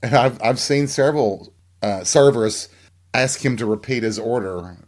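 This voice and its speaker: Speaking at an unhurried pace in a mid-range voice, a middle-aged podcast host delivers a frank solo monologue. His reflections wander, and he keeps asking listeners rhetorical questions.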